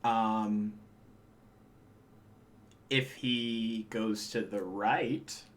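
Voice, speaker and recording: A man's voice: fairly low pitch, steady tone, very slow. A man acting as game master on a streamed tabletop game, speaking in a laid-back, chatty way.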